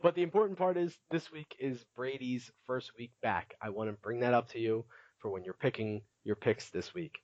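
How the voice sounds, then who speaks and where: A man's voice: medium pitch, moderate pace, no echo, dull audio. A man hosting a casual podcast, chatty and laughing often as he recaps, with many filler words. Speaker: podcast host.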